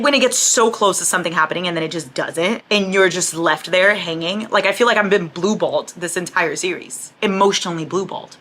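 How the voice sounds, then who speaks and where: A young woman, chatting casually in a book vlog, animated and gushing, swearing freely. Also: mid-range voice, a little fast, hardly any pauses. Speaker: book vlogger. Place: home at night.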